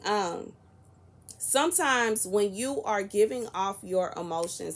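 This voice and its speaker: A woman in her early thirties, talking casually to camera in a soft-spoken, chatty and rambling way. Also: mid-range voice. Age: 30s. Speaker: prophetic content creator.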